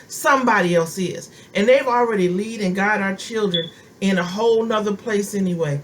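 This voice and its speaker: Preaching woman, middle-aged, fervent and repetitive, mid-pitched, faint hiss behind. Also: moderate pace. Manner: impassioned, emphatic repetition. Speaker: prophetess. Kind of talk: sermon.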